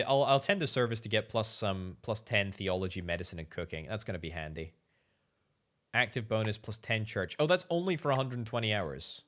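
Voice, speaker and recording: Lively, bright-voiced man playing a game. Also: lowish voice. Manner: chatty, musing aloud, repeats words for emphasis. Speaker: game streamer. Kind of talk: gameplay commentary.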